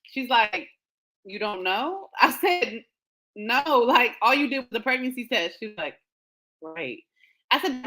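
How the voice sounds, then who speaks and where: A woman hosting a show, telling a personal story in a casual, animated way with frequent laughter. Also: on the high side, a little slow, pauses often, low-quality recording. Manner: animated, laughing often, quotes others in dialogue. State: emotional, near tears. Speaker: podcast host.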